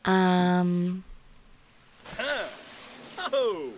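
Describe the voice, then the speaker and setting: A woman live-streaming a game, chatting casually to viewers in a flustered, excitable way and exclaiming often. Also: lowish voice, very slow. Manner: flustered, excitable, lots of "oh my gosh" and laughing.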